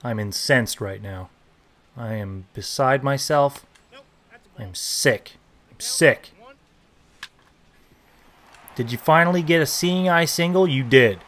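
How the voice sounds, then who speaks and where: A young man giving casual, joking commentary while playing a baseball video game, reacting loudly to big plays. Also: mid-range voice, moderate pace. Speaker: gaming YouTuber.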